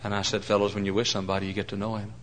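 A middle-aged man preaching a sermon, telling folksy stories and swinging between loud mock-pompous lines and hushed asides. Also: lowish voice, completely flat delivery, racing, slight background noise, poor audio.

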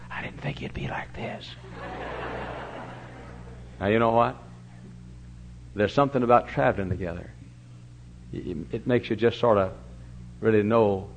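An older man preaching a sermon in a church. He tells stories with big swings from loud to hushed. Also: fairly low pitch. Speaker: pastor. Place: church sanctuary. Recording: dull, lo-fi church recording with faint hum.

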